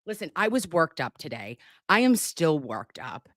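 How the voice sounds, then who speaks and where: A woman's voice: low-pitched, big pitch swings, normal speed, fairly bright tone, no room sound, studio quality. A middle-aged woman hosting a casual livestream, sassy and profane as she banters with her viewers. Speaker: livestream host, legal nurse consultant. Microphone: desk microphone.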